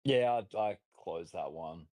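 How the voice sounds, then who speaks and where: An Australian man with a fairly low voice chats casually on a live trading stream, joking around and laughing a lot. His voice is recorded close and dry, with no room sound. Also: a little slow, darkish tone, no room sound. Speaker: crypto trading stream host. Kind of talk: casual chat.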